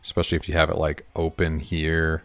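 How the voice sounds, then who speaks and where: Low, creaky-voiced man streaming his coding. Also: completely flat delivery, brisk, fairly bright tone, soft background music. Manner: rambling, chuckling, talks himself through each step. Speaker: indie game developer streaming his work. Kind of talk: casual livestream, thinking aloud while working.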